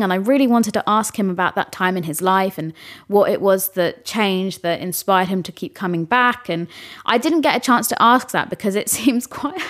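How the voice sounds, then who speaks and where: Casting: young female podcast host, solo, chatty and excitable, laughs mid-sentence. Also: mid-range voice. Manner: chatty, enthusiastic, laughs while talking. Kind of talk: casual solo podcast chat.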